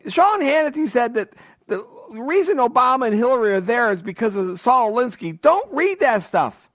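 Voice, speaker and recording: A man putting on a shrill, nagging voice to play a scolding male fan of conservative talk radio. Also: big pitch swings, normal speed, fairly bright tone, no echo, studio quality, exaggerated voice. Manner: nagging, mocking, high and strained.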